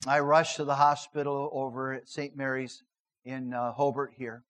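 A middle-aged man, a pastor, preaching a sermon and telling a personal story, moving between loud emphatic lines and hushed, earnest narration. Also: mid-range voice, little pitch movement, normal speed, poor audio.

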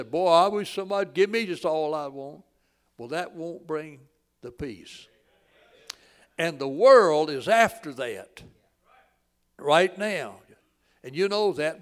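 A man, preaching a sermon in a folksy storytelling way that swells loud and drops to a hush. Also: fairly high pitch. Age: 80s.

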